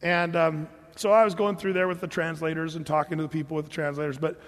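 A man preaching a sermon in a casual, storytelling manner, full of small restarts and filler words. His voice sits a little high for a man. The sound carries the long reverb of a large hall. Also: little pitch movement, fast. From California. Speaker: pastor.

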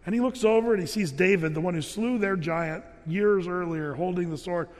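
A pastor's sermon rings through a church hall with long reverb as he narrates energetically in a high, bright-toned voice. Moving a little fast, he acts out the characters, his pitch climbing as he voices them.

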